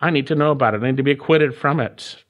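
A man's voice: mid-range voice, fast, lo-fi sound. A man preaching an expository sermon, explaining word meanings and repeating key phrases with emphatic stress. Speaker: pastor.

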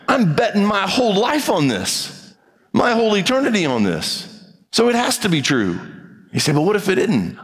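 A man's voice: on the high side, long reverb tail. A man preaching a sermon as pastor, reading scripture and repeating key phrases for emphasis.

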